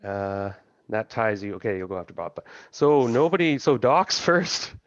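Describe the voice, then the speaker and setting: Low-voiced man running a tabletop game. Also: very animated, normal speed, dry recording, dull audio. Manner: casual, laughing, thinking aloud. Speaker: game master.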